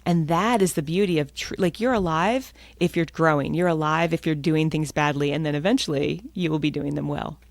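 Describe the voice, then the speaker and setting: A woman's voice: low-pitched, fairly quick, few pauses, dry recording. An American woman, an author, talking with enthusiasm as a guest in a podcast interview. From United States.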